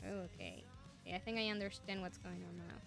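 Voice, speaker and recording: A woman's voice: fairly low pitch, sing-song, brisk, music in the background. A young woman with a Spanish accent, a native Spanish speaker, chatting casually and enthusiastically with her stream viewers. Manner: enthusiastic, rambling.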